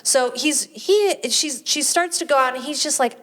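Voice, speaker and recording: A woman co-hosts a casual podcast, retelling a film scene by scene. Her voice sits slightly high and she slips into the characters' lines with animated energy. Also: normal speed. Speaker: podcast co-host reviewing a movie. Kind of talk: casual chat.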